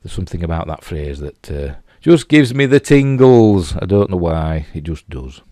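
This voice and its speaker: A Yorkshireman talks through a TV episode in a relaxed, meandering way, peppering it with "you know" and starting sentences over. He sits low in pitch with big swings, speaks at a moderate pace, and sounds mellow. The recording is studio quality with no room sound.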